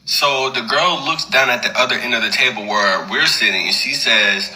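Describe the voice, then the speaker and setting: A man casually retelling a personal story in an animated, conversational way. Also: medium pitch, normal speed, poor audio.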